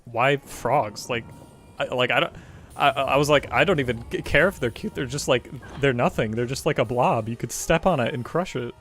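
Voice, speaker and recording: A man's voice: medium pitch, moderate pace, slight background noise. A man chatting casually while streaming a video game, telling stories with lots of laughter and fillers. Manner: animated storytelling, laughs often, many fillers. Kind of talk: casual chat over gameplay.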